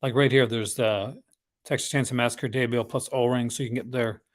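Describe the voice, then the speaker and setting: A man's voice: mid-range voice, steady tone, brisk. A man hosting a casual live unboxing stream, chatting in a rambling, conversational way with enthusiastic asides about films he collects.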